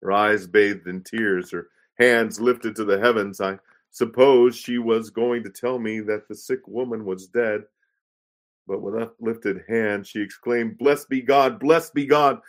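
A man reading aloud a pastor's first-person story in a measured, solemn way. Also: lowish voice, fairly even intonation. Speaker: reader of a pastor's memoir.

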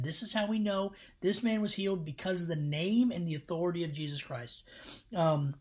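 A man's voice: on the high side, normal speed, breathy edge. A man giving a casual bible study commentary, earnest and rambling, with many restarts and fillers. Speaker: bible teacher. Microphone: laptop camera.

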